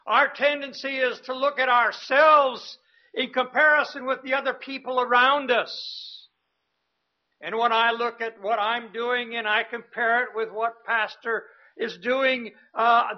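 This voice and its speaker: Slow, high-voiced male preacher, lo-fi. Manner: slow, emphatic preaching that rises in pitch and volume on repeated words. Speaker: missionary preacher. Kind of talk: sermon. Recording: dull, lo-fi sound.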